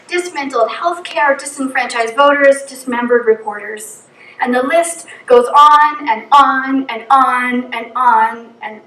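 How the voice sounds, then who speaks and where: High-voiced middle-aged woman in an echoey hall. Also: a bit bright, distant mic, slight background noise. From New England. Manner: earnest, storytelling delivery with vivid lists. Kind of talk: personal reflection from a pulpit. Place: church hall.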